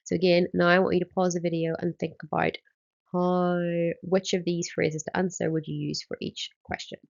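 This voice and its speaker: A woman's voice: fairly low pitch, little pitch movement, moderate pace, gravelly, dull audio. A woman, a Spanish teacher, explaining exam answers step by step in a recorded lesson and often starting with um.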